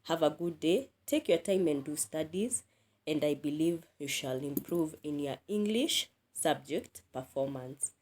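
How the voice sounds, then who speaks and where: A woman teaching an English grammar lesson, speaking deliberately, repeating key words and asking the listener questions. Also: sits low, animated, a little mellow.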